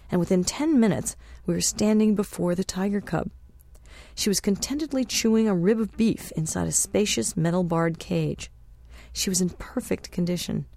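A woman narrating a travel memoir as an audiobook, in a measured, unhurried reading. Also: on the low side, vocal fry, a little mellow, no echo.

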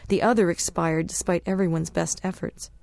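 A woman narrating a travel memoir as an audiobook, in a measured, unhurried reading. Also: on the low side, steady tone, gravelly, a little mellow, dry recording.

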